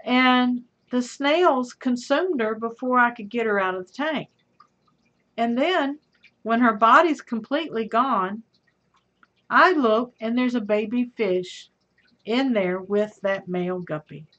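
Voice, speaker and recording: A middle-aged woman hosts a livestream, chatting with viewers, reading their comments and calling them sweetheart and honey. Her voice is fairly high, slow and fairly bright. The stream audio sounds dull and lo-fi.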